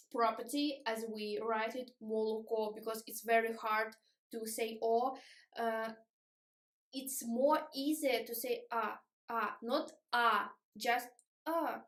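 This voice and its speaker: Slow, high-voiced tired woman teacher. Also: a bit bright, echoey room. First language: Russian. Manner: slow, patient explaining with many fillers and laughs. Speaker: language teacher. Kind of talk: beginner language lesson.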